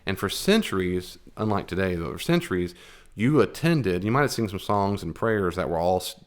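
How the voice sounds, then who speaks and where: A man's voice: low-pitched, expressive, normal speed. A man teaching a Bible lesson in a conversational, digressive way, with emphatic asides.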